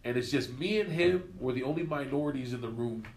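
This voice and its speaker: In an echoey room, a fifty-something radio personality sits in as an interview guest, talking a little fast in a mid-range voice. He spins casual, lively stories and performs other people's lines along the way.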